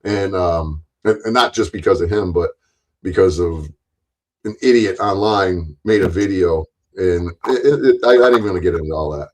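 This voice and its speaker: A man's voice: low voice, moderate pace, low-quality recording. A man hosting a live stream, ranting angrily with lots of cursing and rambling restarts.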